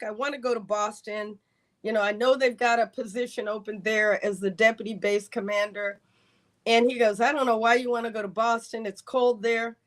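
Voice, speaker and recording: A woman, a retired Air Force colonel, telling a long career story in a podcast interview and acting out the voices of the people in it. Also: on the high side. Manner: animated storyteller, acts out quoted dialogue.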